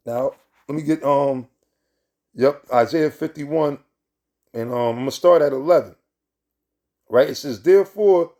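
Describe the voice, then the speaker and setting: A man's voice: on the high side, dark tone. A man preaching informally from scripture in a heated, profane way, repeating himself and ending lines with "man" and "right?".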